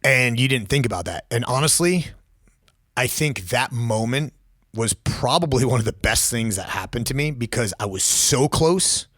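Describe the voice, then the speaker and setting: A man's voice: mid-range voice, expressive, moderate pace, fairly bright tone, no room sound, clean studio sound. A man in his forties, a former law enforcement officer, telling a personal story as a podcast guest, blunt and raw, swearing freely.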